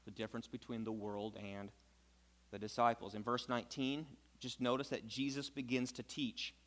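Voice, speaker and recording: A man preaching a sermon, moving between quiet explanation and loud, emphatic passages. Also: level tone, normal speed. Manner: swings from soft low explaining to loud high emphatic preaching. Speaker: pastor.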